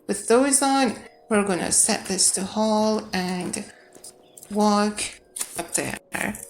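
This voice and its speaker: A woman's voice: mid-range voice, slow, faint music behind. A woman playing a video game and commenting as she goes, thinking aloud, reading out on-screen text and correcting herself. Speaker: gamer. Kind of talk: let's-play commentary.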